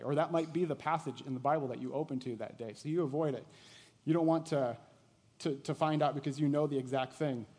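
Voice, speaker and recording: A male pastor preaches in a relaxed, conversational style, firing questions at his listeners and sinking to a hushed intensity when a point matters. His voice sits a little high for a man. The room behind him rings with a long hall reverb. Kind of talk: sermon.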